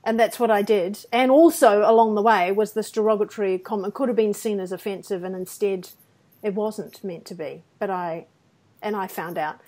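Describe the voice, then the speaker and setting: A woman's voice: medium pitch, normal speed. A woman co-hosting a podcast, telling personal anecdotes in casual conversation and acting out quotes. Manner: animated anecdotes with acted-out quotes and self-deprecating laughs. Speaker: podcast co-host.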